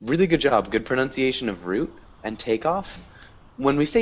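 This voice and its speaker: Lively encouraging teacher on video call. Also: male voice, medium pitch, moderate pace. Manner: encouraging, praising pronunciation. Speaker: English teacher. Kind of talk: online language class. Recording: dull lo-fi video call audio.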